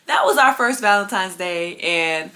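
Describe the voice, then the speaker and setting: A woman's voice: mid-range voice, expressive, unhurried, sharp tone. A woman telling a personal story to her viewers in a casual storytime vlog, chatty and talking to them directly. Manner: chatty, addresses viewers as y'all. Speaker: lifestyle vlogger.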